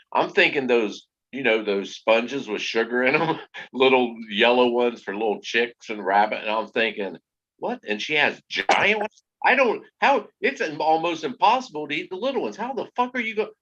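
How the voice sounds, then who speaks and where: A man chatting casually on a podcast, telling things in an animated, profane way. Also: medium pitch. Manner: animated, profane, laughing through his telling. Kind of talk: casual chat. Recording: dull lo-fi recording.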